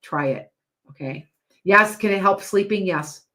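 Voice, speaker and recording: A woman's voice: mid-range voice, unhurried, sharp tone. A woman hosting a live stream as a psychic and hypnotist, chatting to viewers in a rambling way with lots of restarts and asides.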